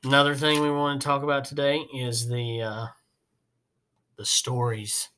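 A man's voice: mid-range voice, monotone, normal speed, sharp tone, slight background noise. A man hosting a podcast, telling a work story in a rambling, folksy way with many fillers. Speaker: podcast host, HVAC technician. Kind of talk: casual storytelling.

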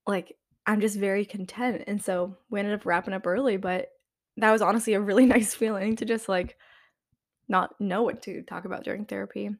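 A woman's voice: mid-range voice, steady tone, a little fast. A young woman in college, talking casually as a podcast host, rambling and chatty and often laughing mid-sentence. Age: young adult. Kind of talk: casual chat.

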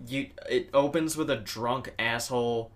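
A man co-hosting a podcast in casual chat, halting often, restarting sentences and swearing offhandedly. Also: mid-range voice. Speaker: podcast co-host.

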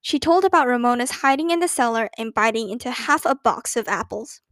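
A woman reading a children's book aloud in a gentle, expressive way. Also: a little high, fairly quick, dry recording. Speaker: storyteller.

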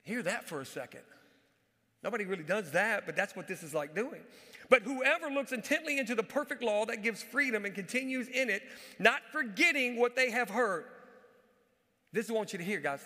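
Recorded live in a church sanctuary where a long reverb follows each word, a pastor with a high, bright voice preaches at normal speed. His delivery is animated, and he hammers home key phrases by repeating them.

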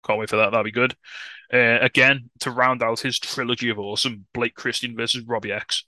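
Bloke co-hosting a podcast, excitable, swears a lot, really bright sharp voice. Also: male voice, mid-range voice, no room sound. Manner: quick, excitable, swears and laughs often. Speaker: podcast co-host. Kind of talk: casual wrestling podcast chat.

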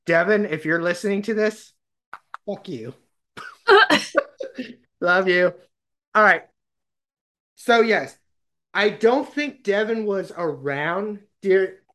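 A man's voice: fairly high pitch, sharp tone. A man from Arkansas, hosting a podcast and telling a rambling, laughing story in casual chat. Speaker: podcast host.

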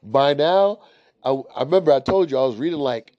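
A man's voice: on the high side, lively intonation, fairly quick, no echo. A young man telling a story in a casual, rambling way, swearing often and leaning on filler words. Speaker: storyteller host. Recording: dry, slightly dull lo-fi recording.

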